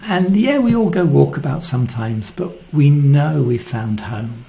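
A man preaching a sermon, earnest and reflective, often dropping to a soft voice. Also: fairly high pitch, animated, a little slow, vocal fry.

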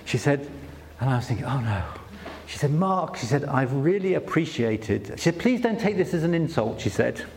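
A male speaker tells stories in a relaxed, self-deprecating way, often stumbling and restarting his sentences. His voice carries a long reverb from a large hall. A faint hiss sits underneath. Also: fairly high pitch, normal speed. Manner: conversational, self-deprecating storytelling with many restarts. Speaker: conference speaker. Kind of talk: sermon-style talk.

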